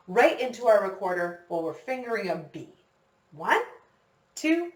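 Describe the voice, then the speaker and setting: A woman's voice: mid-range voice, very animated, normal speed. A woman music teacher giving a recorder lesson for children, patient and encouraging, counting her students in. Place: classroom with a whiteboard. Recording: echoey room, distant mic.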